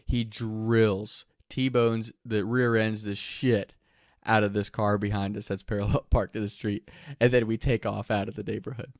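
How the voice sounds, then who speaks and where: A man casually telling a story, animated and profane, often laughing as he talks. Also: on the low side, measured pace, no echo, studio quality.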